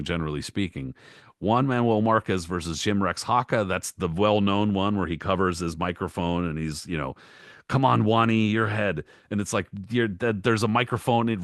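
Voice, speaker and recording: Podcast co-host, a man with a deep voice, cursing and exasperated, dry close sound. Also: fairly bright tone, dry recording. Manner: profane, exasperated ranting; rapid listing with mock-quoted voices. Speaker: podcast co-host, boxing historian. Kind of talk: casual podcast rant.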